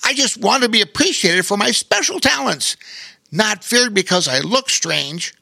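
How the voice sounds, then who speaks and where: Tiny garden gnome, squeaky, very high, bursting with exclamations, children's storybook. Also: male voice, big pitch swings, normal speed, creaky, pushed and bright, breathy edge, no echo, heavily acted. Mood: exuberant.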